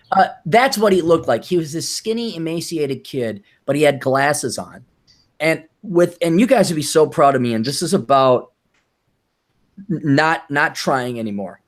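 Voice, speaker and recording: A man talking in a lively, swooping voice that sits a little high. He tells stories with a sardonic, profane edge and breaks into mocking high voices when he quotes people in casual podcast chat. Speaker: podcast co-host.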